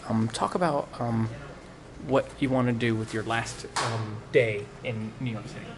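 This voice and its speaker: A man hosting a casual podcast chat in a restaurant at closing time, relaxed and joking, often trailing off mid-sentence. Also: medium pitch, normal speed, noisy background. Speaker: podcast host. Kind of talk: casual chat over pizza.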